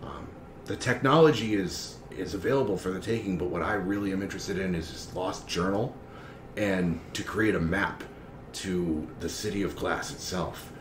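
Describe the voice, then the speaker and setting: A man voicing a scheming, map-obsessed male alien broker who talks in a hushed, urgent way. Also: low-pitched, moderate pace, close to an everyday voice. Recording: echoey room, faint background noise.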